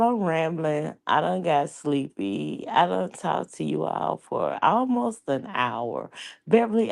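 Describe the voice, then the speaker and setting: A woman with an Atlanta accent rambles to her viewers in a loose, chatty vlog, cursing as she goes. Her voice sits very low and gravelly, and she takes her time. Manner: rambling, chatty, swearing freely. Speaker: YouTube vlogger. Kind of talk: casual chat to viewers.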